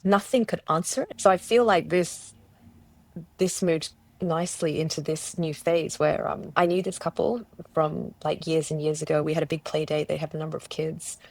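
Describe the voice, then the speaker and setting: A woman's voice: low-pitched, steady tone, normal speed. A woman from Australia telling her personal story as an interview guest, earnest and searching, often restarting and quoting herself. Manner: earnest, searching, with many restarts and self-quotes. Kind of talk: personal testimony in conversation.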